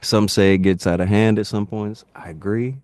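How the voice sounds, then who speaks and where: A man in casual podcast chat, telling animated, rambling wrestling anecdotes and laughing at his own jokes. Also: on the low side, moderate pace, dry recording, studio quality. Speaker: podcast guest, wrestling YouTuber.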